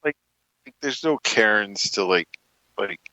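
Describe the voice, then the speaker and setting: A man's voice: on the low side, lively intonation, measured pace, sharp tone, no room sound, rough recording. Joking rambling man, dry close sound. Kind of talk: casual chat.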